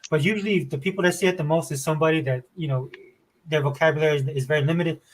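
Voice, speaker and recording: A man talking in casual podcast chat, loose and fast, peppering his talk with "dude". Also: fairly high pitch, steady tone.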